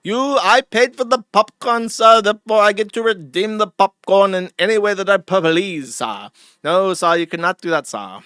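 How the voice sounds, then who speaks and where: A man's voice: on the high side, big pitch swings, moderate pace, few pauses, sharp tone, clear, resonant tone, no room sound, studio quality. A man voicing an overly formal male moviegoer who bickers politely. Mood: indignant. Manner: stiffly polite, says sir constantly.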